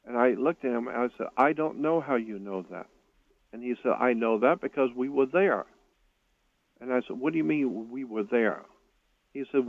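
An older man telling a personal story in an interview, speaking earnestly with halting starts and repeated words. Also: medium pitch, gravelly, no echo. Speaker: guest recounting a personal experience. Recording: tinny phone line, dry.

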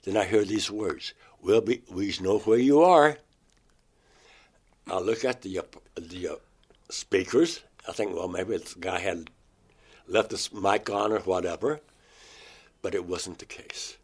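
A man recounting a personal experience in an interview, in a halting, emotional way. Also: sits low, husky.

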